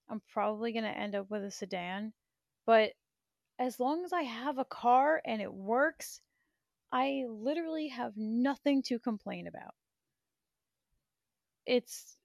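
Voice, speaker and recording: A woman's voice: fairly high pitch, vocal fry, dry recording. A woman in her thirties hosting a livestream in blunt, profane, rambling chat, laughing often. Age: 30s. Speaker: livestream host.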